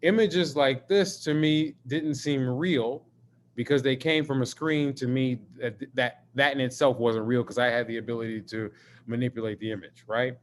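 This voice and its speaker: A man, an artist, talking in a live-streamed video conversation, an expressive and emphatic storyteller who swears freely. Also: mid-range voice, normal speed, slight background noise. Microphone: video call.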